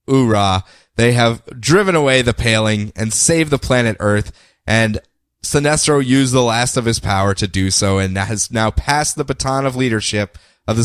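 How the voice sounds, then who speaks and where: A man's voice: fairly low pitch, smooth, no room sound, studio quality. A man co-hosting a podcast, chatting casually and animatedly about comic books and jumping into silly voices for the characters. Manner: animated, does silly voices when recapping. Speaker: podcast co-host. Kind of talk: casual comic book chat.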